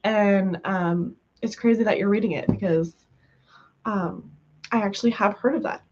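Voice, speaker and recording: A woman's voice: medium pitch, moderate pace, darkish tone, muffled recording, a little hiss or hum. A woman from the US West Coast chatting casually with viewers on a livestream, giggly and full of fillers, just over being sick. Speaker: livestream host.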